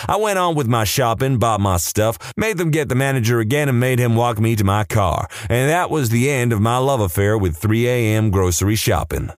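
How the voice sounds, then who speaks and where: A man's voice: mid-range voice, lively intonation, normal speed, hardly any pauses, no room sound. A man narrating listener-submitted stories aloud, acting out the quoted lines. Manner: dry storytelling, acts out quoted lines. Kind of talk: reading aloud.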